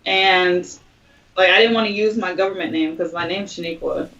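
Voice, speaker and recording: A woman's voice: lowish voice, normal speed, a bit bright, a little hiss or hum. A woman, a podcast guest who works as an event host, chatting casually and laughing easily. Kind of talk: casual chat. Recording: distant, dull mic.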